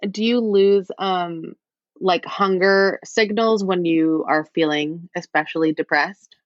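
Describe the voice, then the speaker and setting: A woman's voice: lowish voice, fairly even intonation, takes it slowly, no room sound, highs cut off. A woman talking as a podcast guest, frank and rambling with wry self-deprecating asides. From United States. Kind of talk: candid conversational interview.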